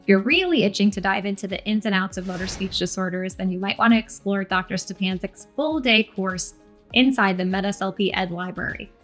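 Woman teaching speech therapy clearly. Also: a bit bright, soft background music. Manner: clear, deliberate, slows to demonstrate stress and pitch examples. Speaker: speech-language pathologist teaching on video. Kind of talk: scripted educational narration.

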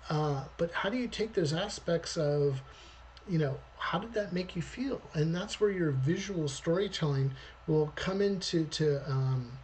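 A man's voice: on the high side, darkish tone, a little hiss or hum. A man, a storyboard artist, giving a rambling, conversational livestream talk.

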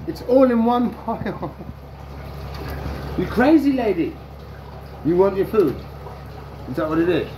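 A man's voice: high voice, big pitch swings, a little slow, long pauses, dark tone, a little hiss or hum. A man hosting a reptile-feeding vlog, chatting away and coaxing the animals in a sing-song voice. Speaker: reptile keeper and channel host. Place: indoors among reptile tanks.

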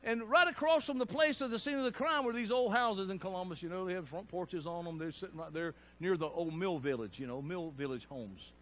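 A middle-aged man, preaching a sermon with storytelling and loud bursts. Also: high voice, fairly quick, few pauses.

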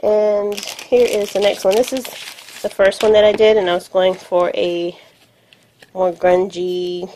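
A woman shows off her handmade crafts at home while filming on her phone. She talks at an unhurried pace in a medium voice, pausing often with fillers as she thinks aloud. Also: medium pitch, little pitch movement, mellow, a little hiss or hum. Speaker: crafting vlogger. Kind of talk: casual show-and-tell narration. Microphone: phone camera.

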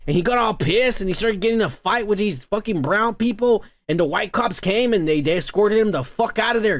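A man's voice: sits high, expressive, fairly quick, fairly bright tone, dry recording. A man hosting a comedy podcast, ranting crudely about the news, swearing constantly and laughing at his own jokes. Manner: profane, rambling, laughs often. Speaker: podcast host.

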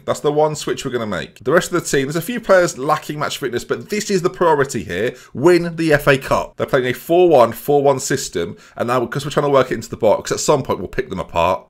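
A young man giving comedic, rambling commentary on a football management game, sarcastic and often turning to his viewers. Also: medium pitch. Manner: sarcastic, rambling, addresses viewers, silly voices. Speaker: gaming YouTuber.

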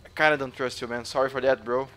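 A Brazilian man commentating gameplay for his viewers, excitable and jokey, swearing often and switching into Brazilian-accented English. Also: medium pitch, quick pace. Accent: Brazilian Portuguese. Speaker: gaming YouTuber.

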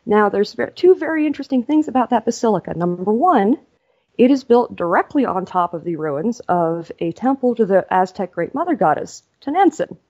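A woman author, a podcast guest, telling a story in a lively, casual way. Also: medium pitch, normal speed, lo-fi sound.

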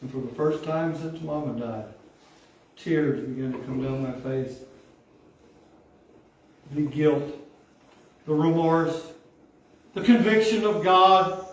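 A high-voiced older man in his sixties preaching a heartfelt testimony, his words rising and falling with fervor as he calls out to the congregation. He sounds far from the microphone, with a big echoing hall around him and a faint hiss behind. His delivery is emotional, intense storytelling from the pulpit. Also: slow, pauses often. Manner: fervent, emotional storytelling with call-and-response. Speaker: pastor. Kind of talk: testimony sermon.

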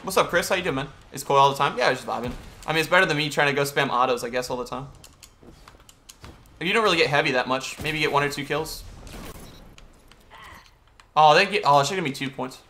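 A man's voice: fairly high pitch, fast talker, pauses often, bright, forceful tone, a little hiss or hum. A young man streaming a video game, chatting casually and greeting viewers and answering chat as he plays.

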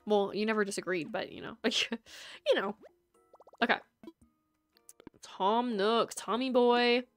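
A woman with a slightly high voice speaks slowly over faint background music, chatting casually with viewers as she games on a live stream. She rambles and stays chatty, talking to chat.

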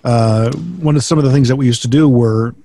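Halting man with a dry voice. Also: medium pitch, fairly even intonation, dark tone, no echo. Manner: halting, searching for words. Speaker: former radio host, guest on the show. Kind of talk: casual chat. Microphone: video call.

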